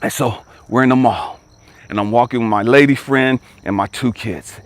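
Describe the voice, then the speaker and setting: A man, a life coach, telling a personal story dramatically, jumping from excited high bursts to hushed, whispery lows and urging listeners to stay with him. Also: normal speed, dry recording. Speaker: life coach and motivational speaker.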